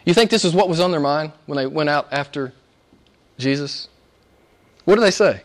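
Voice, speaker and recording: A man preaching a sermon, swinging from hushed, whispered lines to loud, high exclamations, with playful asides and frequent laughs. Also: normal speed.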